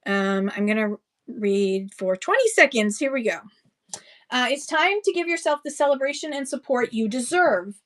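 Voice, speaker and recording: A woman's voice: fairly high pitch, expressive, moderate pace. A woman running a live-stream book sale, chatting casually with rambling asides and thanking buyers by name. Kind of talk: casual live-auction selling chat.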